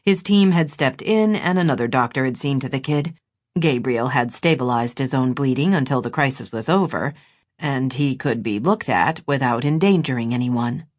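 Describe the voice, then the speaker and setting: Low-voiced woman narrating an audiobook. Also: moderate pace. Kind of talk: scripted narration.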